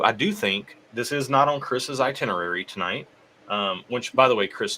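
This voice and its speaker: A man's voice: on the low side, sharp tone, slight background noise, rough recording. Upbeat Southern man hosting a live stream. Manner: upbeat, reads out viewer comments. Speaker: host. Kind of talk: casual live-stream chat.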